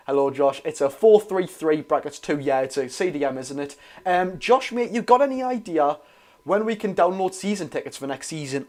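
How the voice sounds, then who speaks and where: Man, Geordie accent, young adult, slightly high voice, excitable live football commentary, chatty with viewers. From North East England. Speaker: football fan streamer. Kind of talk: live watch-along commentary and chat.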